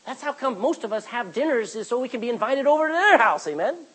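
A man's voice: very high-pitched, big pitch swings, quick pace, fairly bright tone, breathy edge, poor audio. A man preaching a sermon as pastor, reading scripture aloud and calling out for amens from the congregation.

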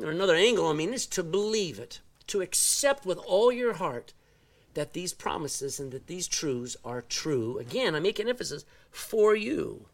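A man from Texas with a Texan accent, preaching a sermon in a folksy, animated way and drawing out words for emphasis. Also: fairly high pitch, distant mic. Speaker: pastor. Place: church.

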